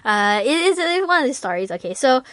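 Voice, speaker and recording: A woman talks fast in a high voice, with no echo, as a guest casually sharing stories. She's an animated storyteller who acts out voices and laughs a lot.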